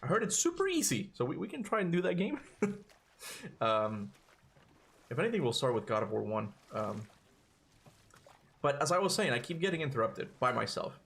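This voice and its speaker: A man's voice: medium pitch, very animated, normal speed, vocal fry, pauses often, fairly bright tone. A man hosting a casual gaming live stream, rambling and interrupting himself, out of breath from climbing stairs.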